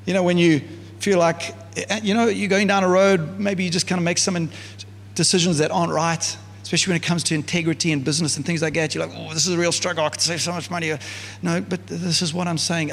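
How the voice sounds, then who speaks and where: A man preaches to his church in an easy, chatty way, often stopping to restart a thought. His voice is fairly high and a little husky. It rings out through a hall with a long reverb. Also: brisk. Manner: casual, conversational preaching with many fillers. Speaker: pastor. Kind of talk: sermon.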